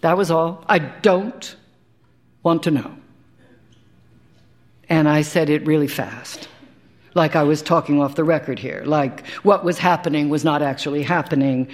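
A woman, an actor, giving a live dramatic reading of a first-person short story, in a wry, conversational way with dry asides. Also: deep voice. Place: live stage performance.

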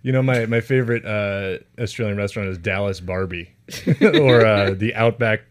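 A man's voice: on the low side, moderate pace. A man in a casual comedic chat who laughs often and acts out quoted bits.

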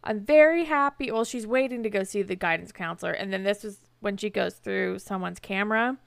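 Gravelly young woman chatting casually. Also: medium pitch, a little fast, dry recording, studio quality. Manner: chatty, lots of "like", acts out quotes with laughs. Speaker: podcast co-host. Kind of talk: casual chat recapping a TV episode.

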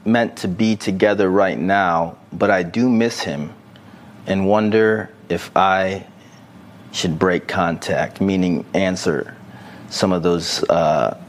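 A man co-hosting a casual podcast, reading out a listener's message and giving blunt, animated advice with plenty of swearing. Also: low-pitched, slow, a little hiss or hum. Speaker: podcast co-host.

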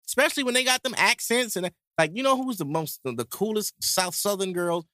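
Podcast co-host, New man, lively crude banter, pitch jumps all over, dry close sound. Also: a little fast, dry recording. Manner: animated, crude, joking banter. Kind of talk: casual podcast chat.

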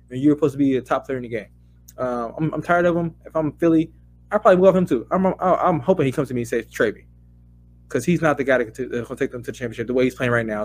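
A man co-hosting a casual sports podcast, heated and profane, his voice climbing into loud rants. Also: fairly high pitch. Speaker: podcast co-host.

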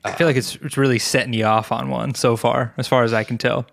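A man's voice: medium pitch, flat delivery, creaky, fairly bright tone. A man from New York, guest co-hosting a casual podcast chat, joking and teasing. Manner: joking, teasing, quick to laugh. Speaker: guest co-host and podcast editor.

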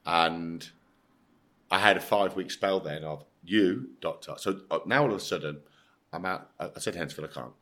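On a podcast, an English ex-footballer in middle age speaks in a very low, deep voice with a sharp tone at a moderate pace. His chat-show-style delivery is blunt and forceful, full of swearing, and he acts out the voices of the characters in his anecdote.

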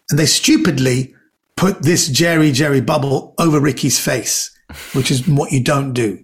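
A man telling comic anecdotes in a lively way, acting out the people he quotes. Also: on the high side, moderate pace, gravelly. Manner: lively storyteller who acts out quoted voices. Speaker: comedian guest.

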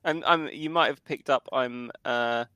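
A man's voice: medium pitch, unhurried, pushed and bright, clear, resonant tone, no room sound, highs cut off. A middle-aged man co-hosting a comedy podcast, hesitant and joking as he tries out silly accents. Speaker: podcast co-host.

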